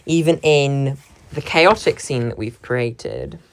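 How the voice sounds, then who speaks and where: A young woman with a low voice talks through how lines in a scene are divided between performers. She stops to quote lines and presses hard on single words. Her tone stays thoughtful and analytical. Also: very animated, takes it slowly, slight background noise. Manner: analytical, stresses key words when quoting lines. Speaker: drama performer. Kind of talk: reflective talk about a stage scene.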